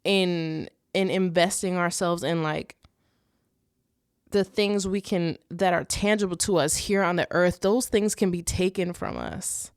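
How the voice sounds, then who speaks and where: A woman's voice: lowish voice, measured pace, dry recording, studio quality. A young woman hosting a faith podcast, talking earnestly and casually, with many restarts and rhetorical "right?"s. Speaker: podcast host.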